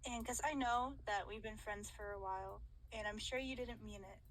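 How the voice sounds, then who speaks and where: A woman playing the wronged party in a casual mock trial over voice chat, halting and hesitant as she talks, often stifling laughter. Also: mid-range voice, over a noisy crowd, rough recording.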